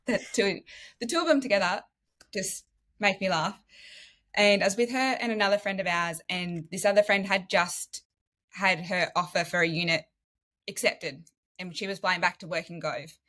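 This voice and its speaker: A thirty-something Australian woman from Western Australia, a medical student and former nurse, tells her story as a guest on a relaxed podcast. She's lively and animated, laughs often and acts out other people's lines, speaking at medium pitch and moderate pace.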